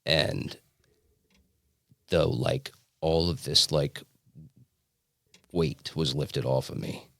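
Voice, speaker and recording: Deep gravelly guy telling his story, lots of likes and restarts, dry close sound. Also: pushed and bright, dry recording. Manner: earnest, halting storytelling with many likes and restarts. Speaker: podcast guest. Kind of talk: personal testimony in a casual interview.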